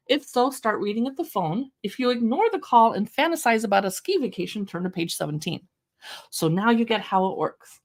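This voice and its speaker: A woman hosts a live shopping stream from her home, talking close to her own microphone. Her chatty, upbeat delivery swings up and down in pitch as she shows off items. She sometimes reads short passages aloud in playful voices. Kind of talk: casual product showcase livestream.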